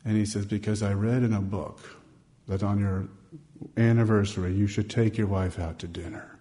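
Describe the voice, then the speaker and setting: Mellow-voiced man preaching conversationally. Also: fairly low pitch, moderate pace. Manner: storytelling, conversational, acts out dialogue; grows emphatic and animated on key points. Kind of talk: sermon.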